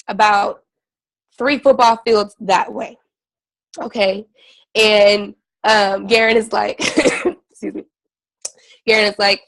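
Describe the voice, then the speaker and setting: Woman with a gravelly voice telling a story. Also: a little high, no echo, poor audio. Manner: animated retelling, acts out quotes, many fillers like "like" and "right". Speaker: team call member retelling a story. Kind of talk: casual storytelling on a team call.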